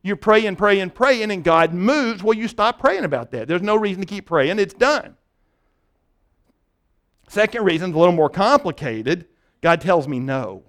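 A man's voice: high-pitched, lively intonation, normal speed, a bit bright. A male pastor preaching a conversational sermon, often restarting phrases and checking in with "right?".

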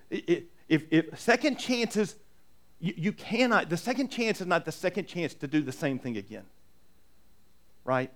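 Pastor, male, slightly high voice, talky sermon delivery with restarts and rhetorical questions. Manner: conversational preaching with repetitions and rhetorical questions.

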